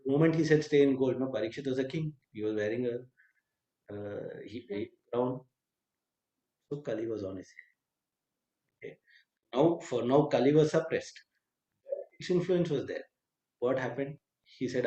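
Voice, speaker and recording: A man's voice: medium pitch, mellow, reverberant, dull audio. A man giving a lecture that retells a scripture story, acting out quoted lines with asides and some hesitant fillers. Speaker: spiritual teacher.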